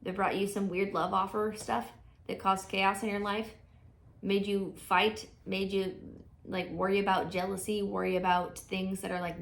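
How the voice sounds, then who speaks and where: A woman's voice: mid-range voice, vocal fry, slight background noise. A woman giving a casual, chatty tarot reading, thinking aloud with frequent fillers and restarts. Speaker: tarot reader.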